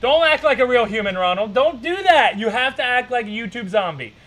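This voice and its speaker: A man hosting a stream, reacting to clips in a rambling, profane, excitable way. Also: very high voice, brisk. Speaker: streamer host. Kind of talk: casual reaction commentary.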